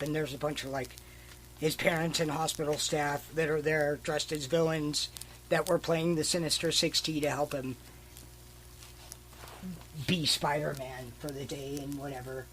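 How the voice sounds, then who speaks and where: A man's voice: on the high side, a bit bright, a little hiss or hum, low-quality recording. A man co-hosting a podcast, casually retelling a comic book's story with fillers and the odd swear word. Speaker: podcast co-host. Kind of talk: casual chat.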